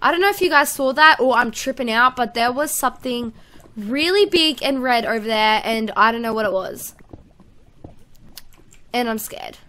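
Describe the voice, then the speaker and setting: A woman giving casual let's-play commentary, excitable and chatty, talking to herself and her viewers as she plays. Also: a little high, normal speed. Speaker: gaming YouTuber.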